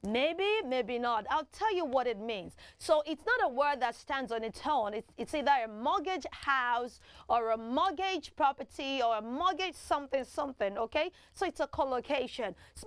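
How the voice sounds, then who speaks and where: High-voiced woman teaching kids on TV. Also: no room sound, clean studio sound. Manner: animated and teacherly, drills words for kids to repeat. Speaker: children's TV host. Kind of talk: teaching segment for children.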